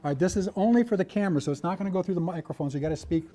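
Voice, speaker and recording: A man's voice: sits high, very fast, dark tone. A man presenting a workshop, giving loose, chatty instructions to a room with many restarts.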